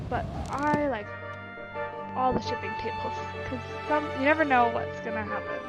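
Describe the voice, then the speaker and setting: A woman streaming a story game, chatting casually and reading the game text aloud with louder acted quotes. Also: sits high, moderate pace, over loud music. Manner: relaxed, reads story lines with bursts of louder acted quotes. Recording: slightly muffled stream audio with faint noise.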